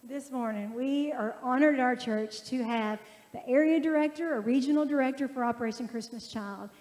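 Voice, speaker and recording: A woman's high, mellow voice introduces a guest speaker and then prays with fervent, heartfelt repetition. The church's long reverb rings under her words. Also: fairly quick. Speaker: regional ministry director. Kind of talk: church announcement and prayer. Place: church sanctuary.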